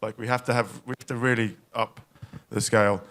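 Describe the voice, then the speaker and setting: A man giving an emotional, anecdotal speech at a live event in a pavilion, full of restarts and halting asides. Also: medium pitch, flat delivery, a bit bright. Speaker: panel speaker at a climate event.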